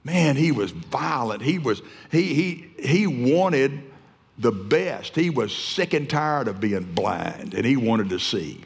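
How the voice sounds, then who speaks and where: Fired-up guy preaching, long hall echo, keeps restarting lines, average pitch. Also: lively intonation, takes it slowly, vocal fry, husky. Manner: fervent, emphatic, with frequent restarts. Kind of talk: sermon.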